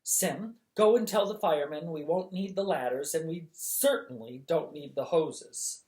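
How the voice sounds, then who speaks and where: A storyteller voicing a brisk, commanding princess who gives orders in a gracious way, in a storybook reading. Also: mid-range voice, darkish tone, reverberant, natural voice.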